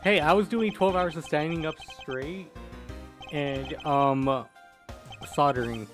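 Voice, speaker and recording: A man's voice: a little high, slow, soft background music. A young man streaming a game, chatting casually and gasping at what he sees. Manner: excitable, gasping, playful. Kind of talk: casual gaming commentary.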